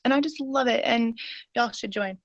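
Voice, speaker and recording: A woman's voice: a little high, normal speed. A woman in her forties giving an eager, rambling personal testimony on a call, with many fillers. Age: 40s. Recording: dull, lo-fi and dry.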